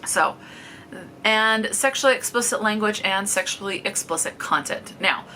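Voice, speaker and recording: Woman, book vlogger, bright forceful voice, flat matter-of-fact list delivery. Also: mid-range voice, normal speed, a little hiss or hum. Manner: matter-of-fact, reads out tallies, checks in with "okay?". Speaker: book reviewer. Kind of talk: casual book review vlog.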